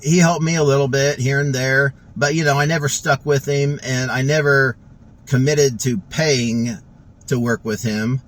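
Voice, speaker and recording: A man talks haltingly, full of restarts and fillers, as he shares a personal testimonial. He is choked up and close to tears, his medium-pitched voice recorded inside a vehicle. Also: fairly even intonation, fairly bright tone, poor audio.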